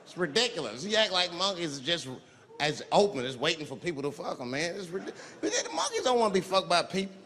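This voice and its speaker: A male stand-up comedian telling a profane story in an animated way, acting out the people in it, recorded live with audience laughter. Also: high-pitched, quick pace, a little hiss or hum. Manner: profane, animated, acts out characters. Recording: live in a reverberant hall with crowd laughter.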